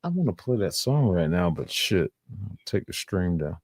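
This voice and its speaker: A man's voice: sits low, lively intonation, unhurried, darkish tone, no room sound, clean studio sound. A man hosting a live stream, reacting in a profane, rambling way and laughing often.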